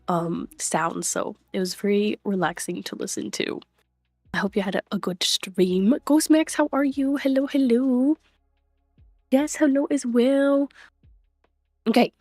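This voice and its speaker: A woman's voice: medium pitch, darkish tone, no echo. Young woman, livestream chat, chatty, greets viewers, dry close mic. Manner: chatty, reads chat names aloud, frequent laughs. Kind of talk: casual live-stream chat.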